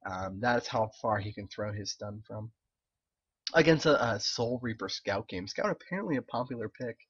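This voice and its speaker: A young man giving casual, animated live-stream commentary on game replays, swearing, laughing and throwing in quick asides. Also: lowish voice, breathy edge, highs cut off. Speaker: game caster reviewing replays.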